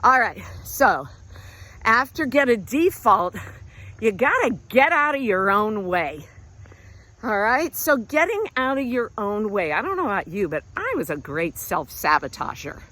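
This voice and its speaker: A woman's voice: mid-range voice, sing-song, a little slow, sharp tone. A middle-aged woman talking casually while walking outdoors, encouraging and a little out of breath. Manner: encouraging, conversational, breathing hard while hiking. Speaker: vlog host and self-help speaker. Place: outdoors walking around a lake.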